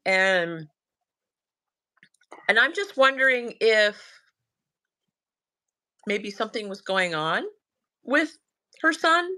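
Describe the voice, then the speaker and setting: A woman's voice: mid-range voice, slow pace, long pauses. A woman with a Southern US accent, telling a story in casual chat and acting out the lines of her son and herself. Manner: animated, quotes her son and herself, laughs often. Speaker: guest telling a sighting story.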